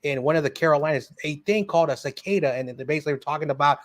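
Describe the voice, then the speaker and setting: A man in casual chat, animated and laughing, jumping in with quick asides. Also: on the high side, dry recording.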